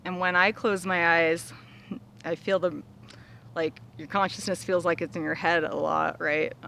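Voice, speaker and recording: Gravelly bright-voiced woman sharing openly. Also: lowish voice, fairly even intonation, unhurried, slight background noise. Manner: earnest, many "like" fillers, laughs between thoughts. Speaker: vlogger. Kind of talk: casual heartfelt talk to viewers.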